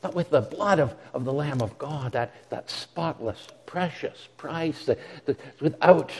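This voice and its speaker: High-voiced male preacher in a reverberant hall. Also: a little slow, darkish tone. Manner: earnest, repeats words when restarting, dramatic quoted asides. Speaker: pastor. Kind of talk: sermon.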